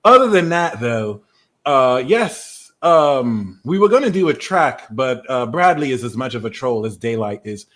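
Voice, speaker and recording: A man's voice: mid-range voice, sing-song, a little slow, fairly bright tone. A man putting on a boastful British tarot-reader persona with a put-on, half-Americanized British accent, teasing and rambling with fillers on a live stream. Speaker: tarot reader, livestream host.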